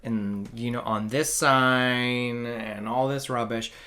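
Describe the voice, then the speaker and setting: Animated jokey man, hushed asides. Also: mid-range voice, slow pace. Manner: animated, jokey, swings between loud and hushed. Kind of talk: casual podcast chat.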